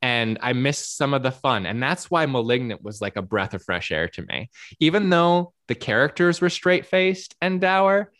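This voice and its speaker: A man's voice: mid-range voice, lively intonation, normal speed, fairly bright tone, dry recording. A young man chatting casually and with enthusiasm, his voice sitting in an ordinary middle register. He rambles, restarts his sentences and laughs easily. The recording is dry and close, with no room sound. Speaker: podcast co-host. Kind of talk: casual chat about horror films.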